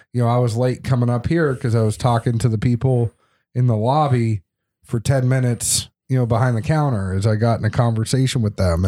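A man's voice: lowish voice, mellow. Man from the Boston area, middle-aged, chatty storyteller, easygoing podcast talk. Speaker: podcast guest. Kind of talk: casual podcast chat.

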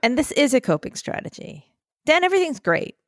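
Animated woman podcast co-host, lively pitch. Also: brisk, no echo, studio quality. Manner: animated, keeps addressing her co-host by name, acts out quotes. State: a little breathy. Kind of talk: casual chat. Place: cramped makeshift spot inside a puppy pen.

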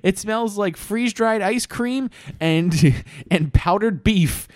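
A man voicing a whiny, fed-up young drummer boy in a high strained voice. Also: slow, a little mellow, no room sound, studio quality. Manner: shrill, laughing through it.

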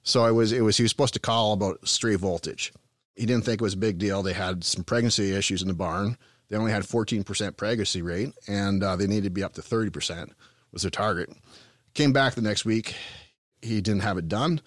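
A man with a low voice and an Eastern Canadian accent tells rambling, folksy anecdotes as a podcast guest, joking as he goes. He works with farms and talks about them in a casual way. The sound is dry and close. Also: brisk, no room sound. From Ontario, Canada. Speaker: farm business consultant, podcast guest. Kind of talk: casual storytelling.

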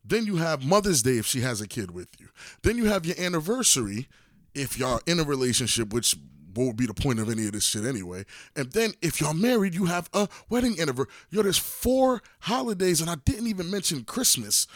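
A man's voice: on the high side, sing-song, fairly quick, dry recording, clean studio sound. Blunt, profane man arguing on a podcast. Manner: blunt, profane, teasing and argumentative. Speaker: podcast co-host. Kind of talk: casual chat.

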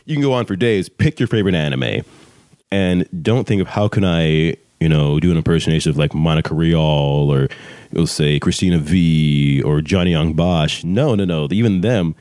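A man with a low voice chats casually about breaking into voice acting. He talks in an animated way, jumping into little voice demonstrations. The sound is dry and close, with no room echo. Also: normal speed. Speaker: voice actor guest giving career advice. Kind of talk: casual podcast chat.

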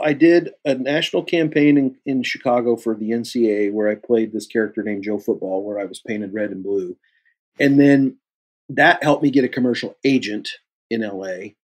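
A man from Kansas City, an actor guest on an interview show, telling animated stories and acting out the dialogue with big swings in his voice. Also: mid-range voice. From Kansas City, USA. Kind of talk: casual interview storytelling.

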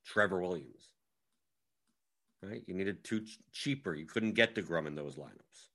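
A man's voice: deep voice, lively intonation, sharp tone. A man as fantasy sports analyst, in a casual strategy breakdown, thinking aloud and rattling off lineups. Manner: rapid, scattered, thinks aloud while scrolling lineups.

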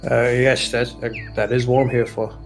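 A man's voice: mid-range voice, flat delivery, normal speed, faint music behind, lightly acted. A man voicing a nervous young bard who stammers earnestly while trying to impress a professor.

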